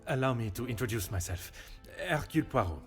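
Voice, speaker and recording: An actor playing Hercule Poirot, a refined middle-aged detective who speaks politely and measuredly, over game music. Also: male voice, mid-range voice, lively intonation, a little fast, natural voice. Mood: courteous.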